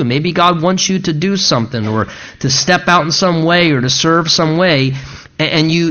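A man's voice: fairly high pitch, a bit bright, dull audio. A male pastor preaching a sermon in an earnest, emphatic way, repeating rhetorical questions to drive his points home.

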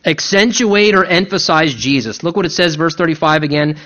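A man preaching a sermon as pastor, emphatic and animated, with mock-voiced asides. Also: fairly high pitch, fairly quick, dull audio.

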